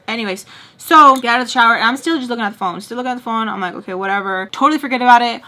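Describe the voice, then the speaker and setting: A woman's voice: mid-range voice, steady tone, fairly quick, bright, forceful tone. A young woman telling a casual storytime, chatty and full of "like", acting out her own thoughts. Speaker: storytime vlogger.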